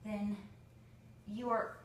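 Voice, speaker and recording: A woman's voice: mid-range voice, little pitch movement, extremely slow. Woman yoga teacher, roomy and distant. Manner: encouraging, talks the viewer step by step through a pose. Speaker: yoga instructor. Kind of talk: spoken yoga tutorial. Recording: roomy echo, voice from a distance from the mic.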